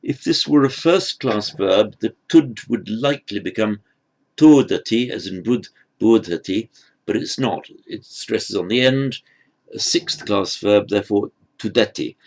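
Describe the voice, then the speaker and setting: Slow gravelly-voiced male teacher. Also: lowish voice. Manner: patient, halting, with many restarts and fillers. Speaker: Sanskrit teacher. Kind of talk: unhurried grammar lecture.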